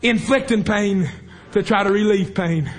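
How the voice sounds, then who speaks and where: A man's voice: high-pitched, unhurried. A man preaching a fervent revival sermon in a church service, impassioned and repetitive as he calls out to the congregation.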